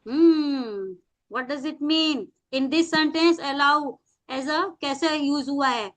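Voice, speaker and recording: A woman teaching an English class over a video call, in Indian English, mixing Hindi with English and stretching words out slowly for her students. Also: high voice.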